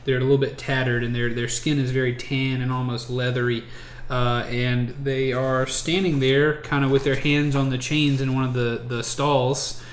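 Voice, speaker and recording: A man's voice: mid-range voice, flat delivery, moderate pace. A man narrating a tabletop game as game master, hesitant with many fillers and restarts. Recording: echoey room, faint noise.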